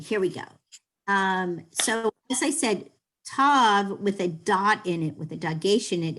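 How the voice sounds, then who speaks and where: A woman leads a beginners' class over a video call. She explains each point patiently and plainly, sounding out letters for her students. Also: mid-range voice. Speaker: Hebrew teacher. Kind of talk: online class teaching.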